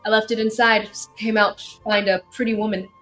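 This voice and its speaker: A woman's voice: mid-range voice, level tone, a little fast, fairly bright tone, soft background music, natural voice. Woman doing a charming young thief. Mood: smooth.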